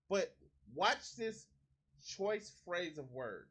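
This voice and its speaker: Indignant, bright-voiced man ranting. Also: extremely high pitch, measured pace. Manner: indignant, profane, mocking. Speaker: streamer reacting to a clip. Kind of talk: heated reaction commentary.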